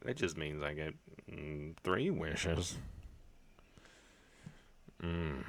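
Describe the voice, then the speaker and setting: A man's voice: rumbling low, animated, very slow, pauses often, fairly bright tone. A man playing a horror game and joking his way through it, with crude humor and lots of laughter. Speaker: gaming video host. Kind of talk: horror game let's play commentary.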